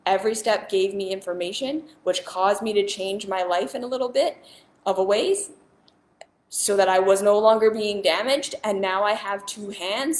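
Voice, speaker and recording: A woman at an everyday middle pitch speaks directly to her viewers as a spiritual teacher. She is earnest and emphatic and circles back to the same point again and again. Her voice rings a little in a reverberant room. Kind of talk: casual monologue to viewers.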